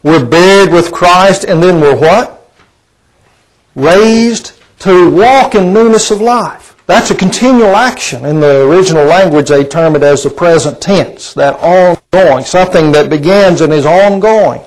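Folksy preacher man, slightly high voice. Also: unhurried, poor audio. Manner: asks the congregation rhetorical questions; conversational, folksy preaching with fillers. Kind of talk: sermon.

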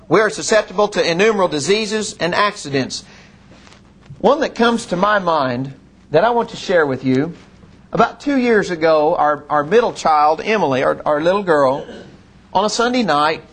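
Earnest high-voiced Midwestern preacher. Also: male voice, a bit bright. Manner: earnest storytelling preacher, slowing and dropping low on solemn lines. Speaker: pastor. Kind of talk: sermon.

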